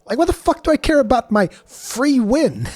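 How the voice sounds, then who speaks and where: A man's voice: very high voice, big pitch swings, normal speed, darkish tone, no echo. A man giving casual reaction commentary as a streamer, profane, sarcastic and exasperated.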